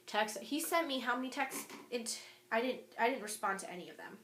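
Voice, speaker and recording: A young woman telling a storytime vlog, animated and indignant, reading out old text messages. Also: a little high, brisk. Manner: animated and indignant, quoting texts aloud. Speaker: vlogger. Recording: echoey room.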